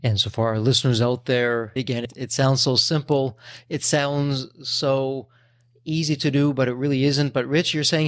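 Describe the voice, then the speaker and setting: A man's voice: medium pitch, fairly even intonation, moderate pace, no echo, studio quality. A man hosting a podcast, recapping his guest's points and speaking directly to listeners. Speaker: podcast host. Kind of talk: casual interview chat.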